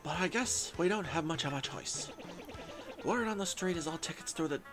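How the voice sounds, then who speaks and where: A man doing a raspy old professor. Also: fairly high pitch, lively intonation, normal speed, natural voice. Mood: scholarly. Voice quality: raspy, wispy. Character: old male professor, scholarly and fussy. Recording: game music behind.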